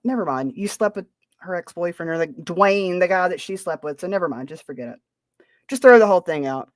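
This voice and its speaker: A podcast host chats casually, sounding sarcastic and defensive, in a lowish, animated voice that runs a bit fast. The recording is clean and dry, with studio quality.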